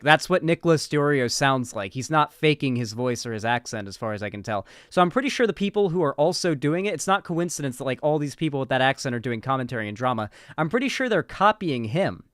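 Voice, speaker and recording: A man's voice: fairly high pitch, fairly bright tone, dry recording, clean studio sound. A man doing casual commentary, sarcastic and rambling, with frequent swearing. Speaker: political commentary streamer.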